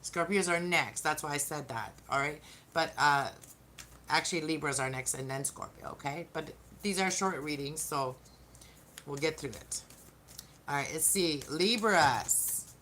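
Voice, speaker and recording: A woman's voice: sits low, measured pace, pushed and bright, a little hiss or hum. A woman giving a casual live-streamed tarot reading, chatting to viewers and often restarting her sentences. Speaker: tarot reader.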